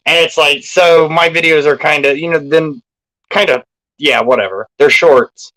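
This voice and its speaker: A man's voice: a little high, normal speed, bright, forceful tone, low-quality recording. Chuckling man in a casual chat. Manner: self-deprecating, chuckles often. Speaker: guest on a live stream panel.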